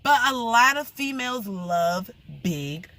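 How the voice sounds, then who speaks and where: A woman's voice: on the high side, expressive, takes it slowly, pushed and bright. A young woman rambling through a blunt, profane story in a casual vlog rant.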